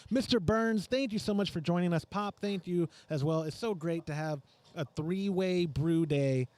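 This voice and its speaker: A man's voice: high-pitched, moderate pace, a little mellow. A man hosting a homebrewing podcast in casual, joking, rambling chat. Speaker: podcast host. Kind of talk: casual live-stream chat.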